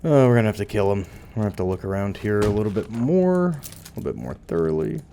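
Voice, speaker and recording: Speaking fast and very animatedly, this man has a lowish, dark-toned voice, with slight background noise in the recording. He's a gameplay commentator doing casual let's-play talk, thinking out loud with dry asides as he plays.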